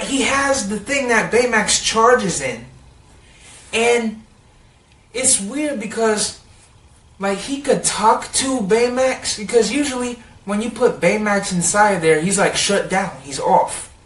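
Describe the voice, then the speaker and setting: A man giving a casual, rambling recap of a cartoon episode, excitable and full of "like.". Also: high-pitched, far from the mic. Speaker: TV episode reviewer. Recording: roomy sound, set back from the mic.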